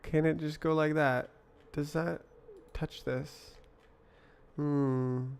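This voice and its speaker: A man's voice: fairly high pitch, steady tone, slow pace, creaky, a little mellow, smooth. A young British man live-coding on stream, thinking aloud in a casual, puzzled way and answering his chat between mutters to himself. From Britain.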